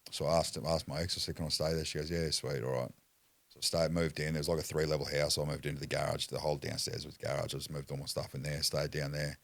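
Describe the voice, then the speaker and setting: A man's voice: rumbling low, level tone, quick pace, vocal fry, a bit bright, no room sound. An Australian man telling a story as a podcast guest, blunt and foul-mouthed in casual chat. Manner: blunt, heavy swearing, acts out quotes.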